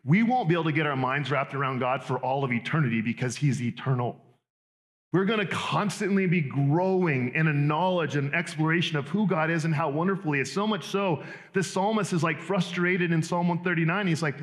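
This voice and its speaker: Animated conversational male preacher. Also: fairly high pitch, brisk. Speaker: pastor. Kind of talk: sermon.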